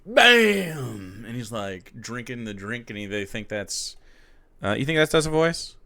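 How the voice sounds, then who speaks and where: Dry, sarcastic streamer reacting. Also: male voice, fairly low pitch, animated, normal speed, fairly bright tone, no echo. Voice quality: casual, sarcastic, swears freely. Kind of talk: casual reaction commentary.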